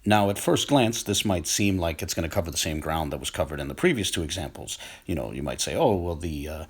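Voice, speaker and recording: A man giving a casual spoken lesson on old word pronunciations, pausing often with fillers and restarts. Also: sits low, lively intonation, husky. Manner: hesitant, many uh fillers and restarts. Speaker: channel host explaining texts. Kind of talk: casual educational talk.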